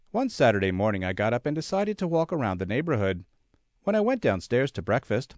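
A man's voice: mid-range voice, darkish tone, no echo, studio quality. A man reading a magazine article aloud, speaking every caption and bracketed note as written. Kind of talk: read-aloud article narration.

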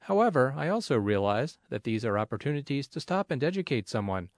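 Male reader for a first-person essay: earnest, gently humorous, animated pitch, dry close sound. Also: fairly quick, no echo. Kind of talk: reading a personal essay aloud.

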